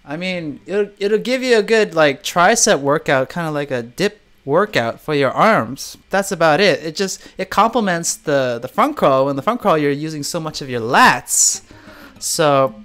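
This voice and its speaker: A young man from Chicago, a guitarist, hosts a casual live stream in a fairly high voice at normal speed, with soft guitar playing in the background. Lively and emphatic, he reads viewer comments and chat names aloud and asks rhetorical questions.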